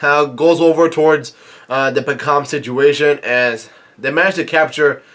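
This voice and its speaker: A man recapping a comic chapter in casual talk, halting with many fillers and restarts. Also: fairly high pitch, fairly bright tone. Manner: reads quoted lines in a plain narrating voice. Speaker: manga reaction vlogger.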